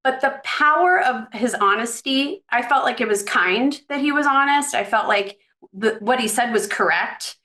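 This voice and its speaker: A woman's voice: a little high, expressive, moderate pace, bright, forceful tone. A woman in her fifties, a career coach, chatting as a podcast guest and reflectively telling stories about her career over a video call. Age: 50s. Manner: reflective, storytelling, chatty with restarts. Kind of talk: casual podcast conversation.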